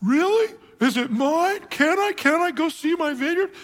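A man's voice: very high-pitched, lively intonation, moderate pace, a bit bright, pitched above the performer's own voice. A man voicing an eager, whiny male king who asks pleading questions. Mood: excited.

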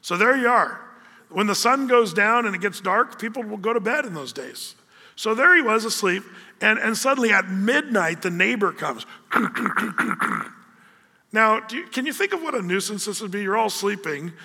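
A male pastor delivers a sermon in a lively storytelling manner, slipping into the voices of his characters. His voice sits high and very bright. A long hall reverb trails each phrase. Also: fairly quick. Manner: animated storyteller acting out voices.

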